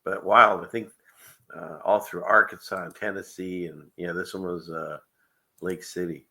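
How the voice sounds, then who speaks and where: A man's voice: deep voice, steady tone, moderate pace, pushed and bright. A man hosting a casual livestream show, rambling through clips with frequent chuckles and conspiratorial asides. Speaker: show host.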